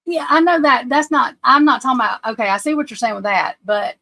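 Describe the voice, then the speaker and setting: A woman's voice: sits high, expressive, sharp tone, no room sound, rough recording. Flustered woman streaming. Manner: anxious, flustered, halting restarts. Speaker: livestream host. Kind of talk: casual livestream chat.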